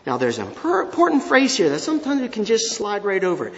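A man teaching a Bible lesson, his slightly high voice rising and falling a great deal as he tells the story. He keeps asking his listeners questions. The sound is dull and lo-fi, with a long reverb from a large hall. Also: fast talker, creaky. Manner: expressive, asks listeners questions.

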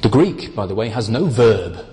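A man preaching a sermon, explaining Bible words in a slow, deliberate, emphatic way. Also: on the low side, very animated, warm tone, big-room sound.

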